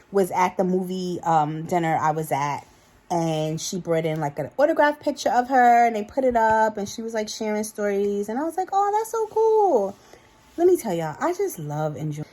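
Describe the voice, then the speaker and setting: Chatty New York woman in her thirties. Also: on the low side. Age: 30s. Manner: chatty and animated, addresses viewers as y'all. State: a little tipsy. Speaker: vlogger. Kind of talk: casual chat to camera.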